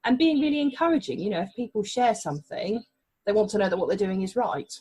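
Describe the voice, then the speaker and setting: A woman's voice: medium pitch, big pitch swings, fast talker, dark tone, slightly rough, poor audio. A woman from England, a family mediator, explaining her work in a podcast interview in a reassuring way.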